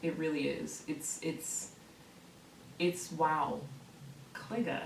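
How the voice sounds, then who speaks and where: A woman's voice: sits low, steady tone, takes it slowly, gravelly, slight background noise. A woman ranting to camera in a vlog, heated and profane, hammering the same words again and again. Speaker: online video creator. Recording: roomy echo, voice from a distance from the mic.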